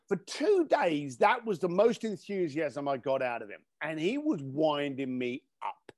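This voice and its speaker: A man telling a story on a podcast. His voice is high and swings widely in pitch, and he swears casually. He is recorded close and dry. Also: very animated, unhurried, hardly any pauses, darkish tone, dry recording. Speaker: podcast guest. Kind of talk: animated storytelling.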